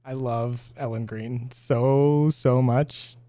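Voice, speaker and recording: A woman's voice: a bass voice, fairly even intonation, slow pace, mellow, no echo. A woman co-hosting a casual podcast, talking in a rambling, giggly way with lots of fillers. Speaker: podcast co-host.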